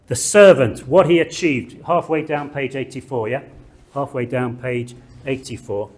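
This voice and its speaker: A man giving a slow, deliberate theology lecture in a classroom, reading scripture aloud and stressing key words. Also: mid-range voice. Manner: slow, deliberate, emphatic delivery with measured pauses.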